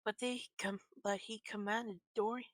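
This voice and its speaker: A woman's voice: medium pitch, steady tone, normal speed, dry recording, poor audio. A woman player in a tabletop game, speaking in a matter-of-fact way.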